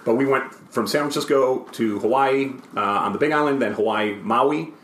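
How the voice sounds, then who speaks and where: A man's voice: mid-range voice, moderate pace, a bit bright, roomy sound, a little hiss or hum. An older man and father of the host, telling long rambling work stories in a casual podcast chat. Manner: rambling storyteller who acts out quotes.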